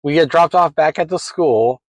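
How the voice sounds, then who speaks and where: A man in his forties casually telling a rambling personal story, animated and laughing as he goes. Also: a little high, normal speed, no echo, rough recording.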